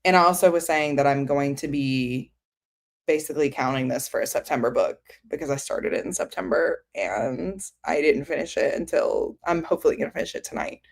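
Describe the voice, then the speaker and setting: A woman's voice: deep voice, brisk, gravelly. A woman chatting casually on a book livestream, rambling with lots of fillers and answering viewers' comments. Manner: many fillers like "um" and "like". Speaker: book streamer.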